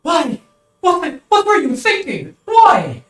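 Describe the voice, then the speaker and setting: A man voicing a desperate young man who yells and pleads with his sister. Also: very high-pitched, huge pitch swings, takes it slowly, echoey room, recorded from a distance, pitched above the performer's own voice, heavily acted. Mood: desperate yelling. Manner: yelling, pleading.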